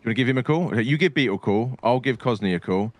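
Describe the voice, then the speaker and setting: A man's voice: medium pitch, lively intonation, quick pace, no echo. A man chatting casually in a role-play game, laid-back and full of "you know what I mean". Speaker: fellow role-play player.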